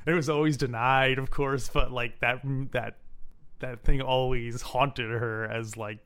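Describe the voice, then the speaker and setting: A man co-hosting a podcast, chatting casually about a film in a relaxed way that often trails off quietly. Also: mid-range voice, unhurried. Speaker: podcast co-host.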